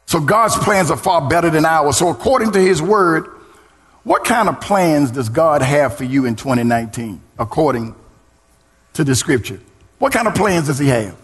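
A middle-aged man preaching a sermon as pastor, swinging into sung, shouted lines and calling on the congregation to respond. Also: a little high, sing-song, moderate pace. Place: church. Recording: church hall reverb.

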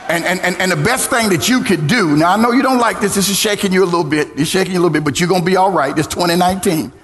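A middle-aged man preaching a sermon as pastor, swinging into sung, shouted lines and calling on the congregation to respond. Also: high-pitched, very fast, slight background noise. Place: church. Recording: church hall reverb.

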